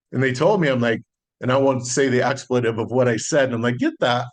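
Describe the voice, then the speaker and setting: A middle-aged man, a solar sales consultant, telling a relaxed story in a podcast interview and acting out the dialogue. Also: medium pitch, fast. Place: Las Vegas.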